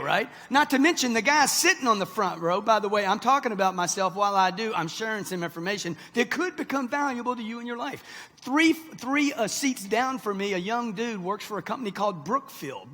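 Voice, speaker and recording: A man's voice: sits high, pushed and bright. A man in his sixties giving a punchy motivational seminar talk to a live audience, pressing them with "okay?" and "right?". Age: 60s. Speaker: motivational speaker. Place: large event hall before a live audience. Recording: reverberant hall.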